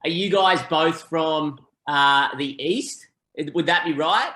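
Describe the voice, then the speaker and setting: A man's voice: fairly high pitch, slow, bright, forceful tone, reverberant. A man from Australia with an Australian accent, a podcast guest in casual, laid-back chat who says mate a lot.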